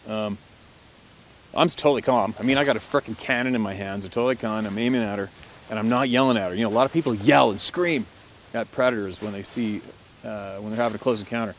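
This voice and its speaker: A man, a hunting guide, telling a story in a relaxed, chatty way, laughing often and swearing mildly. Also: on the low side, fast talker, a little hiss or hum. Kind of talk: casual storytelling to camera.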